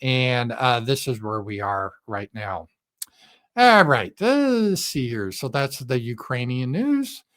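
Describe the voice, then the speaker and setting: A man's voice: medium pitch, sing-song, slow, fairly bright tone. Blunt, sarcastic man talking politics. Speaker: political commentator. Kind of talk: casual political commentary monologue.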